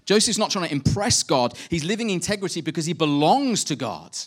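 Male preacher, relaxed conversational sermon delivery, breaks into lively rhetorical asides. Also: on the high side, fairly quick.

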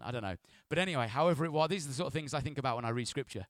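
A man preaching a sermon as pastor, animated, dropping to hushed asides and rising to loud, playful bursts. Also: lowish voice, racing, few pauses, no room sound, studio quality.

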